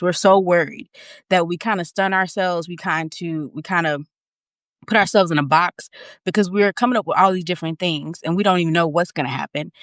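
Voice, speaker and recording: Speaking into a phone or webcam during a live video she hosts, a woman recounts something personal with frank, forceful delivery. When feelings spike, she repeats and restarts. The sound is dry with no echo, and her tone leans fairly bright.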